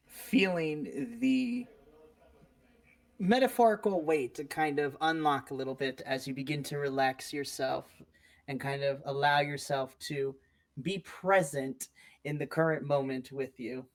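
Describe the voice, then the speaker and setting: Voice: mid-range voice, unhurried. A game master narrating a tabletop role-play scene in a loose, descriptive way, full of "kinda.".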